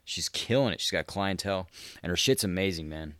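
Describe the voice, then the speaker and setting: A man's voice: deep voice, lively intonation, brisk, a bit bright, no room sound. A young man hosting a podcast, telling a story in a loose, profane, laid-back way, full of "dude" and laughter. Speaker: podcast host. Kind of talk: casual podcast monologue.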